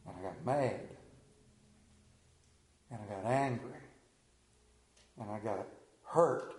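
A pastor giving a sermon, talking candidly in a folksy storytelling way, recorded in a church. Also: male voice, lowish voice, slow pace, darkish tone, echoey room.

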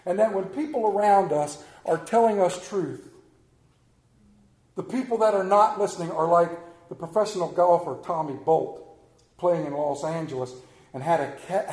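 Man preaching, high voice, folksy storyteller, loud and soft by turns, echoey room. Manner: folksy storytelling, swings between loud emphasis and quiet asides. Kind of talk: sermon with anecdotes.

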